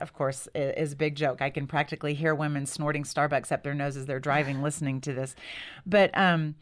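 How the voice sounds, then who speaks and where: A woman in her thirties, a guest author, telling personal stories in a lively conversational interview and acting out the lines she quotes. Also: low voice. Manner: animated, acts out quoted lines.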